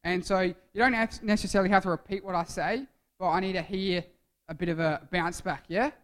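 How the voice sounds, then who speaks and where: High-voiced playful youth preacher, a man. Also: fairly even intonation, fairly quick, fairly bright tone. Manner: playful, jokey, quizzes the audience. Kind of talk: interactive youth sermon.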